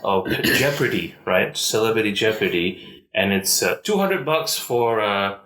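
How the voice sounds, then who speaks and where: A man's voice: fairly low pitch, unhurried. A Malaysian man with a mixed Malaysian and British accent, chatting as a comedian guest on a podcast and telling stories loosely. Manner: animated, loose storytelling. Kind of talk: casual podcast chat. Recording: roomy echo.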